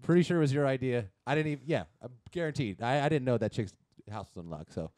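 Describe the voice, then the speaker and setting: A man's voice: medium pitch, animated, quick pace, a little mellow, no echo. A man in his thirties on a podcast, telling a crude story in casual chat and acting out the other people in it. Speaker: podcast co-host.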